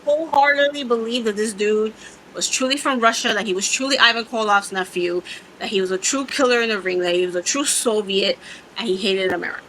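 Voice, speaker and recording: A woman's voice: medium pitch, brisk, a bit bright, slight background noise, poor audio. A woman in her thirties co-hosting a casual chat, emphatic and insistent, often repeating her points. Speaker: podcast co-host.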